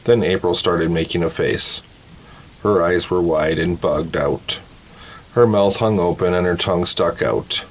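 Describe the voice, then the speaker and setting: A deep-voiced man reads short scary stories aloud in a slow, measured way. His voice has a husky, slightly rough edge to it. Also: low-quality recording. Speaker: horror story narrator. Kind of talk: scripted horror narration.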